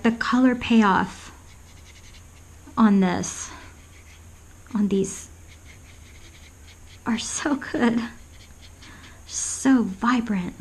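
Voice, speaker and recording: A medium-pitched woman with a darkish tone comes through a rough recording. She is an art vlogger chatting while she paints, rambling with lots of ums and hesitation, frequently whispering and laughing at her own jokes.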